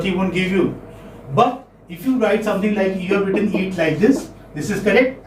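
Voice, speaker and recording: A man's voice: high-pitched, darkish tone, a little hiss or hum. A man teaching phonetics to a class, repeating words and asking checking questions. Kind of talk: classroom lecture. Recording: echoey classroom, mic far off.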